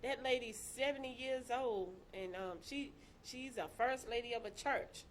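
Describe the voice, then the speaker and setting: A woman telling her own story in casual chat, animated and laughing, acting out the voices of people she quotes. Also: a little high, a little slow, slight background noise.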